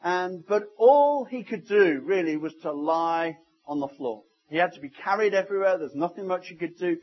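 A man preaching a sermon in a church service, telling stories and swinging between loud passages and hushed ones. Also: high-pitched, lively intonation, normal speed, muffled recording. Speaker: pastor.

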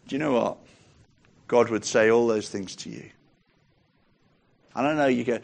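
A man preaching a sermon in a conversational way, dropping softer for quoted lines and lifting his voice when reading scripture aloud. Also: medium pitch, expressive, brisk.

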